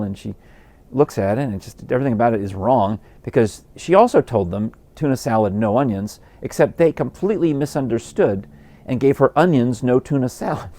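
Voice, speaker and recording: A man's voice: mid-range voice, mellow. A man hosting his podcast from a porch at home, telling amused, rambling stories with plenty of fillers. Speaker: podcast host. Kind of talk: casual storytelling.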